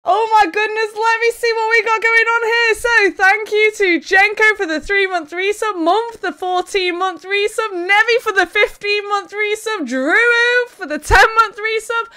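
A woman hosting a live stream, talking to her viewers in a loud, excitable way. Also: very high voice. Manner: excitable, loud, fast-shifting energy. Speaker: streamer host.

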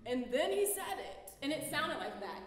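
A woman's voice: high voice, sing-song, moderate pace, a little hiss or hum. A woman artist giving a casual public talk in a lecture hall, loose and chatty, peppering her speech with "like" and laughing easily.

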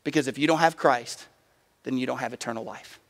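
A man's voice: mid-range voice, a little fast, long reverb tail. A man preaching a sermon as a pastor, telling a personal story and building to emphatic appeals. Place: church sanctuary.

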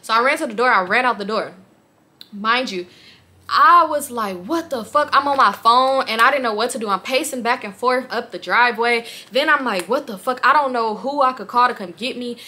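A young woman vlogger telling a personal story in a candid, animated way, swearing freely. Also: on the high side, normal speed.

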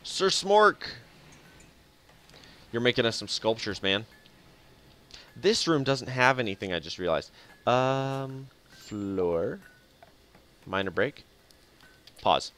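A man's voice: medium pitch, lively intonation, slow, long pauses, sharp tone. A man casually talking through a strategy game on a live stream, often chuckling and muttering to himself. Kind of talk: casual live gameplay commentary. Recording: faint game music behind.

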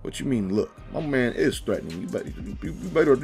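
Young guy doing gaming commentary, slangy and excitable, faint music behind. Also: mid-range voice, fairly quick, creaky, few pauses. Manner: animated, slangy, reacts with emphatic outbursts. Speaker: gaming YouTuber. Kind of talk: casual gaming commentary, reading game quotes.

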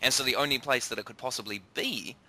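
Bright-toned enthusiastic New man. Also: mid-range voice. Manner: enthusiastic, halting with repeats and ums. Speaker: podcast co-host and science presenter. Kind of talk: casual science chat.

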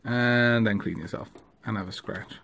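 A man filming a casual vlog of his pet ferrets, cooing to them in gentle baby talk. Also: lowish voice, moderate pace, gravelly, a little hiss or hum. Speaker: vlogger.

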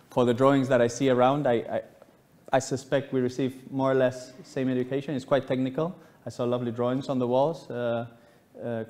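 A man of around forty from Spain with a Spanish accent, giving a university lecture in an unhurried, halting, conversational way with frequent pauses. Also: medium pitch, darkish tone. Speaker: guest lecturer, architect. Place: lecture hall.

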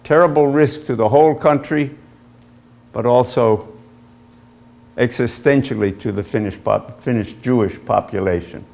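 A man, an author, giving an illustrated history lecture with measured storytelling and frequent pauses as he points to slides. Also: mid-range voice, creaky, a little mellow. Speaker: author giving a book talk.

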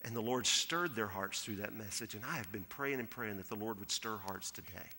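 Bright-voiced Texan preacher in a church hall. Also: male voice, lowish voice, fairly quick, slightly rough. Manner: conversational preaching, acts out quoted voices, drops to a hush for appeals. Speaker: pastor. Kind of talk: sermon. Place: church sanctuary.

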